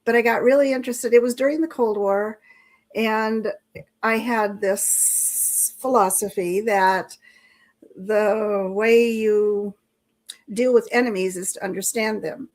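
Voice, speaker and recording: A woman's voice: mid-range voice, fairly even intonation, slow pace, darkish tone. An older woman, a guest author in a casual interview, telling anecdotes with frequent chuckles and restarts.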